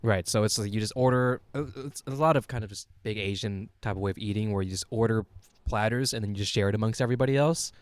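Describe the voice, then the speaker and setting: A man's voice: fairly low pitch, fast talker, smooth, no echo. A young man, a podcast co-host, rambling through a funny story in casual chat, laughing and swearing freely. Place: small podcast studio.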